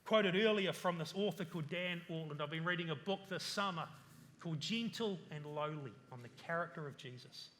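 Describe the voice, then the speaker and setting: A man's voice: fairly high pitch, brisk, a bit bright, long reverb tail, a little hiss or hum. A male pastor preaching a sermon, earnest, piling up lists and asking rhetorical questions.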